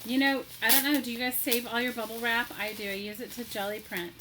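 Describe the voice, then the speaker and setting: Woman, live craft stream host, chatty and gushing, slightly high voice, unhurried, faint room ambience. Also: little pitch movement, background noise. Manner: gushing, gasping with delight; chatty, greets viewers by name.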